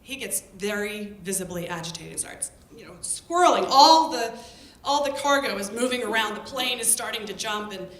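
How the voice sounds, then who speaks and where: Animated woman storyteller in echoey room. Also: normal speed. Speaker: public health worker telling a story. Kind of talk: storytelling talk to an audience. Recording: echoey room with faint rumble.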